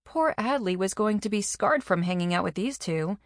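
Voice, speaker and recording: A woman reading a first-person audiobook in a measured, even way. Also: medium pitch, no echo, studio quality.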